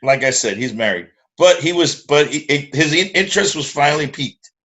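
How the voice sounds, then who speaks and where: A middle-aged man telling a profane, animated story in casual chat and acting out the voices of the people in it. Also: a little high, brisk. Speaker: guest musician.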